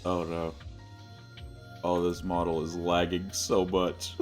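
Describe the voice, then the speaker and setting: A young man chatting casually while streaming a game, rambling and often breaking into high-pitched laughter. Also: steady tone, takes it slowly, faint music behind. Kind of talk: casual livestream gaming chat.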